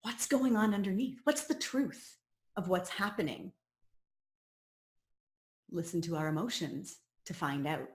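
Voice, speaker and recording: A woman's voice: fairly low pitch, unhurried, long pauses. Earnest woman coach in a roomy space. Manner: earnest and personal, sharing her own story. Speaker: personal growth coach leading a course. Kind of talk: reflective teaching talk. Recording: roomy echo.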